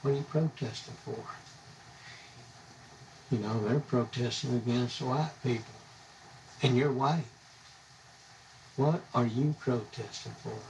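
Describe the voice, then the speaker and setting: A man's voice: medium pitch, slow, creaky, long pauses, a little mellow, distant mic, low-quality recording. A man from the United States, ranting bluntly and indignantly on a live stream, rambling from one grievance to the next. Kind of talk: angry live-stream rant. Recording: voice a bit off-mic, faint background hum.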